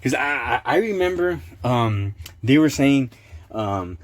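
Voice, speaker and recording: A man's voice: mid-range voice, brisk. A man hosting his own channel, reading court papers aloud in casual commentary, sarcastic and indignant, laughing often. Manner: indignant outbursts.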